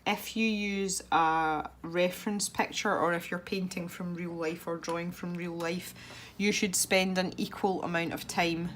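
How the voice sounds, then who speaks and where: A woman's voice: lowish voice, fairly even intonation, unhurried, few pauses, a bit bright, a little hiss or hum. A woman talking casually as she colours, giving chatty tutorial tips in a self-deprecating way.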